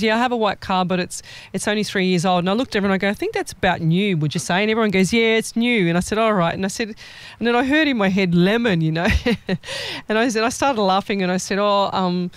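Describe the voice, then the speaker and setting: Smooth-voiced woman telling lively stories. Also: medium pitch, fast, no room sound. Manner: lively storyteller acting out quoted people. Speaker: psychic medium. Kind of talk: casual chat.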